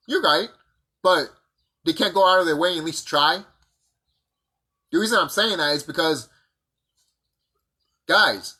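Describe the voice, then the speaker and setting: A man delivering a profane, combative monologue full of rhetorical questions, with a husky voice. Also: fairly high pitch, sharp tone. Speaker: vlogger. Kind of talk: ranting monologue to camera.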